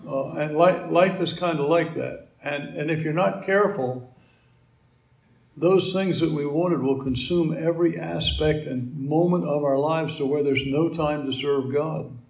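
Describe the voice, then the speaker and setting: A male pastor preaches a sermon in a relaxed, conversational way, breaking off into asides and restarting his sentences. His voice sits a little high and has a gravelly edge. The sound carries the echo of a church room. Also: unhurried.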